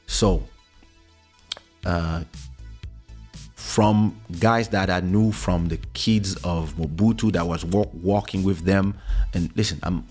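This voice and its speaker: A man hosting a podcast, telling a story in a casual way and acting out what people said with big jumps in pitch. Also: slow pace, pauses often, faint music behind. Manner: animated, acts out quoted speech with big pitch jumps. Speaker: podcast host. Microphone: studio microphone.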